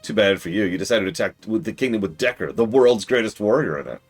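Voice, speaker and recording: A man's voice: fairly low pitch, animated, quick pace, soft background music. A man reading game dialogue as a brash male warrior who brags and mocks his enemies. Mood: cocky. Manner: brash, bragging, mocking.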